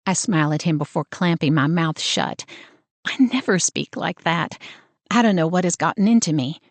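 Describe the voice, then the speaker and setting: A woman narrating a first-person romance audiobook in an expressive, wry storytelling manner. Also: deep voice, moderate pace, no room sound.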